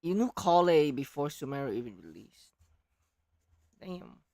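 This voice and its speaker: A woman streamer reacting to a game, animated and jokey, sometimes shouting, sometimes hushed, while losing her voice. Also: low voice, a little slow, no room sound.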